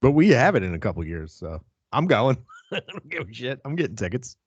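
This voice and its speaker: A man hosting a casual podcast chat, animated and jokey with plenty of swearing. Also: mid-range voice, fairly quick, husky, no room sound, highs cut off. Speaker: podcast host.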